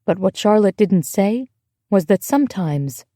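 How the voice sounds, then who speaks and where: Mellow woman narrating an audiobook. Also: medium pitch, animated, no echo, studio quality. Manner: measured, emotive storytelling. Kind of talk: scripted narration.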